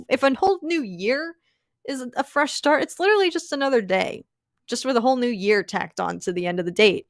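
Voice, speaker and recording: A woman's voice: medium pitch, no echo, clean studio sound. A young woman hosting a casual live stream, gushing and laughing often as she thanks viewers and rambles with fillers. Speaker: livestream host.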